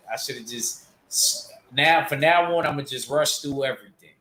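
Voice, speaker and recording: A man's voice: mid-range voice, moderate pace, few pauses, sharp tone, echoey room, a little hiss or hum. A man hosting a casual boxing livestream, rambling loosely and answering his chat. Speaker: boxing show host reading chat.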